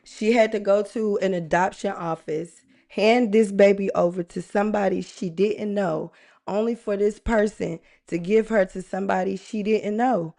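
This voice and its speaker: A woman's voice: mid-range voice, steady tone, normal speed, vocal fry, dark tone. A woman hosting a true crime live stream, talking earnestly and chattily straight to her viewers. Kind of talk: casual live-stream commentary.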